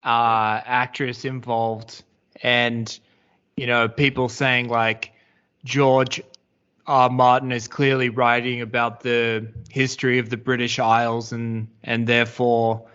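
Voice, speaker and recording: A man's voice: medium pitch, little pitch movement, measured pace, a bit bright, clean tone. A man co-hosting a podcast in casual chat, rambling and hedging, swearing now and then. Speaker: podcast co-host. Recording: slightly dull audio.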